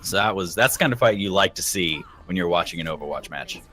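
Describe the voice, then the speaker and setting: A man giving relaxed, chatty color commentary during a live esports match. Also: deep voice, fast, soft background music.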